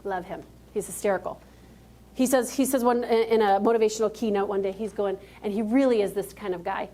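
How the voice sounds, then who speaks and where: A woman's voice: mid-range voice, fairly even intonation, brisk, warm tone. A woman giving a motivational keynote speech on stage, talking emphatically and directly to a live audience. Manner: emphatic, direct, calls out to the crowd.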